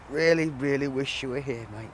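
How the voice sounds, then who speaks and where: An actor playing a young Englishman who talks haltingly and tearfully to a lost friend, sighing between phrases. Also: mid-range voice, background noise, lightly acted. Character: grieving young man talking to a dead friend.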